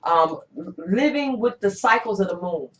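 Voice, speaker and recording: A woman hosting a casual interview as an herbalist, talking in a relaxed, drawn-out way with many fillers. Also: mid-range voice. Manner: relaxed, drawn-out, with frequent "you know" and "um". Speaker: herbalist host. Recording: roomy, dull-sounding recording.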